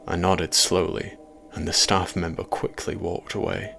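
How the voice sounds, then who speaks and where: A man reads a first-person horror tale in a measured, quietly ominous manner. His voice sits very low, with a rough, gravelly edge. A faint hiss of noise lies under the reading. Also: little pitch movement. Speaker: horror story narrator.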